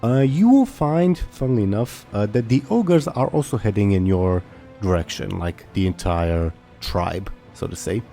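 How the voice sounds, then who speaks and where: A man narrating as game master of a tabletop game, halting and full of fillers as he searches for words. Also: lowish voice, expressive, gravelly, dark tone, faint music behind.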